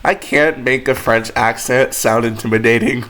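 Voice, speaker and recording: A man's voice: mid-range voice, steady tone, moderate pace, background noise. Joking young man commenting on a game. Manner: joking, self-deprecating asides with laughter. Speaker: gaming video creator. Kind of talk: casual gameplay commentary.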